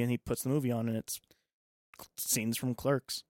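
A man's voice: medium pitch, little pitch movement, moderate pace, a little mellow, no room sound, studio quality. A man co-hosting a casual podcast, retelling film scenes and acting out the characters' lines. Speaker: podcast co-host. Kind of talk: casual movie discussion.

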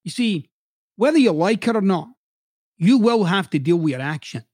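A man's voice: high voice, lively intonation, moderate pace, darkish tone, no echo, studio quality. A middle-aged man who hosts a podcast and used to coach, giving a blunt, profane motivational monologue with heavy emphasis. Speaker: podcast host, former coach.

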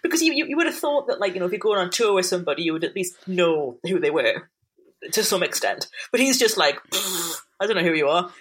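A young woman co-hosts a casual podcast, teasing the show she is recapping. Her voice is low-pitched and husky, and she laughs often between her remarks. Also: very animated, fast talker. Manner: laughing, amused, mocking commentary. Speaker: podcast co-host. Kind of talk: casual chat recapping a TV episode.

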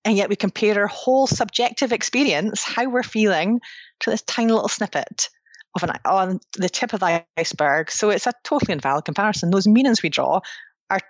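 A woman's voice: medium pitch, expressive, brisk, dry recording. A woman, a psychologist and author, explaining ideas earnestly in a conversational interview, often restarting her sentences. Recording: dry, dull lo-fi sound.

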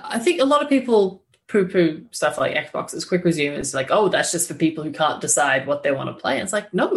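Chatty woman game journalist, lowish voice. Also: vocal fry. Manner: chatty, quick asides with "like". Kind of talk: casual podcast chat.

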